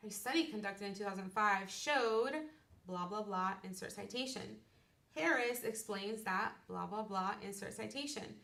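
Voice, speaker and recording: A woman teacher gives a step-by-step lecture and keeps checking in with her students. Her voice sits at a middle pitch. She sounds distant from the mic, in an echoey classroom. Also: normal speed, gravelly, fairly bright tone. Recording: roomy, distant classroom recording.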